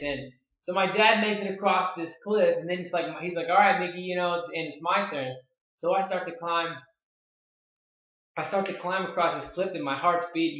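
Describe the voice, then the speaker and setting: A young man in his twenties rambles through a story with breathless excitement, peppering every phrase with "like". His voice sits a little high for a man. The recording is roomy and dull, like a lo-fi room mic. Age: 20s. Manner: excitable, filler-heavy, lots of "like". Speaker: online marketing vlogger. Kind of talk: casual storytelling to camera.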